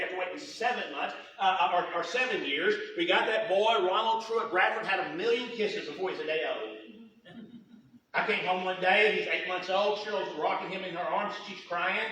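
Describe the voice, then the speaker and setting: A middle-aged man preaching a sermon, telling folksy stories with lots of repetition and quick humor. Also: high-pitched, pushed and bright, a little hiss or hum. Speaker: pastor. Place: church sanctuary. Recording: roomy church hall, voice from a distance.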